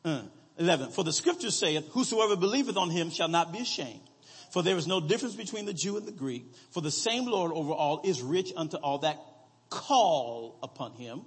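A man preaching a sermon, slowly reading scripture aloud and calling out to his congregation for answers. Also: fairly high pitch, fairly bright tone, slightly rough, big-room sound.

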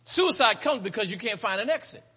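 A man preaching a sermon in a church, with a rhythmic cadence, drawn-out emphatic words and frequent calls to the congregation. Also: high-pitched, lively intonation, pushed and bright, slightly rough. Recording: long hall reverb.

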